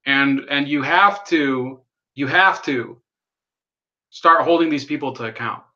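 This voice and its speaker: A man's voice: medium pitch, unhurried, pushed and bright, lo-fi sound. A man hosting a political livestream, rambling and sardonic, swearing and reading out chat messages. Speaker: livestream host. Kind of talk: casual political livestream commentary.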